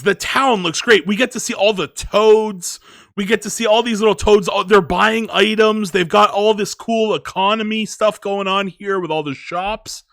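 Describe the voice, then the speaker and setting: A man's voice: high-pitched, a bit bright, no echo, clean studio sound. A man giving a casual movie review, rambling with lots of filler words.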